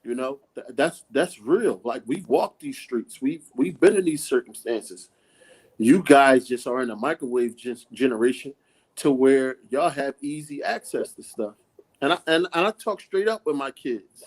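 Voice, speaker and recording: A man's voice: mid-range voice, animated, normal speed, breathy edge, poor audio. A middle-aged man, a youth coach, talking earnestly and straight in a casual podcast conversation. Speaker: coach, mentor.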